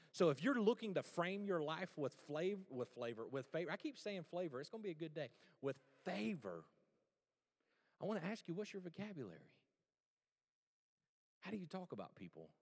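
A man preaching from the pulpit in a lively, up-and-down voice that sits a little high for a man. He keeps it conversational and throws in joking asides. The sound carries a long reverb from a large hall. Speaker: pastor. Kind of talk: sermon.

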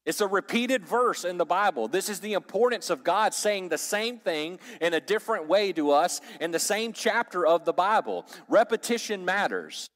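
A man's voice: high-pitched, lively intonation, normal speed, few pauses, a bit bright, big-room sound. A man teaching a sermon to a church group in a conversational way, asking the audience questions and joking. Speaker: pastor or Bible teacher.

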